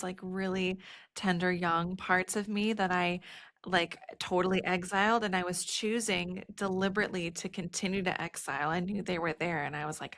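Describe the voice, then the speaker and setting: A woman's voice: lowish voice, fairly bright tone. A woman in her thirties hosting a podcast about birth, talking earnestly in casual chat, full of "like" and "you know". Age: 30s. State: teary, emotional. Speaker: podcast host, birth educator.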